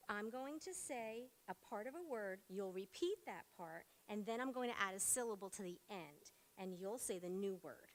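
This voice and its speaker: A woman's voice: medium pitch, lively intonation, moderate pace, few pauses. A woman teacher leading a phonics lesson, upbeat and encouraging, prompting in short words. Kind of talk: classroom phonics demonstration. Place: school meeting room.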